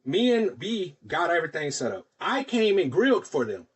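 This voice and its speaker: Casual and animated on his podcast, a host works through a long personal story, giving voice to each person he quotes. His voice is fairly high and slightly rough, at a moderate pace.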